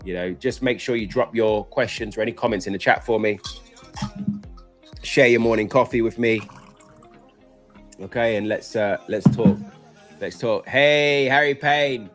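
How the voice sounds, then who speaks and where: Rambling, excitable male trading streamer. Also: mid-range voice, unhurried, long pauses, faint music behind. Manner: rambling and excitable, bursts of laughter. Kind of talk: live trading stream chat.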